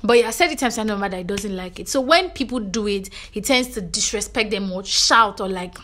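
Woman, Nigerian accent, mid-pitched, for a chatty and animated gossip-recap vlog. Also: a little fast. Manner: animated storytelling, frequent "you know" and "do you understand". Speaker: reality show recap vlogger.

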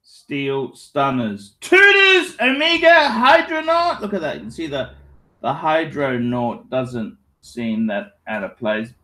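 A man in his forties rambles through a casual livestream, repeating himself and cursing in jest. His voice sits high and bright, and he talks slowly, dwelling on each phrase. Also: sing-song. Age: 40s. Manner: reads out donor messages. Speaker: livestream host.

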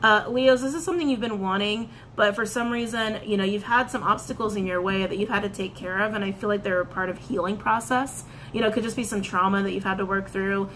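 Animated woman doing a tarot reading. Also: mid-range voice, slight background noise. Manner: animated, repeats phrases, excited outbursts. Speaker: tarot reader.

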